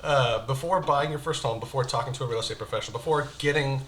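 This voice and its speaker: Man, host, casual interview chat, bright voice, laughs a lot, restarts questions, faint background noise. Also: medium pitch, fast talker. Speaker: host, real estate agent.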